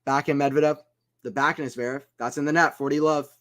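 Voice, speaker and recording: A man with a slightly high voice calls a tennis match live for a stream audience. He keeps up a relaxed running commentary and chats with viewers in between. He turns loud and excited whenever a big shot lands. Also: brisk. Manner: chatty, reads chat aloud between points. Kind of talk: casual play-by-play commentary.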